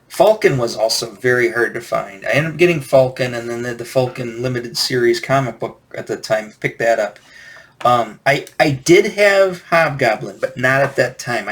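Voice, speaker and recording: A man in his forties, a toy collector hosting a casual reminiscing vlog, tells rambling stories about childhood toys. He often corrects himself as he goes, speaking in a mid-range, fairly bright voice.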